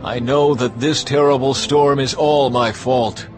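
A man's voice: mid-range voice, fairly even intonation, a little slow, darkish tone, lightly acted. A man reading as a solemn resigned prophet, earnest, over music.

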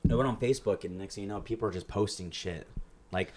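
A young man with a fairly low voice co-hosts a casual podcast. He tells stories with energy, jumps into raised voices to act out what people said, and swears freely. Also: quick pace, slight background noise. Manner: animated storyteller, acts out quotes in raised voices, swears freely. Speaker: podcast co-host. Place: California.

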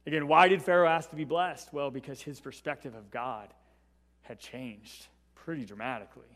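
A man's voice: fairly high pitch, moderate pace, fairly bright tone, big-room sound. A man preaching a Bible teaching in a conversational way, often checking in with "right?" as he goes. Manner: conversational, tags points with "right?".

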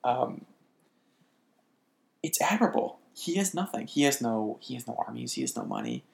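A man co-hosting a casual chat, animated, swearing now and then and laughing often. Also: medium pitch, normal speed, gravelly. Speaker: podcast co-host.

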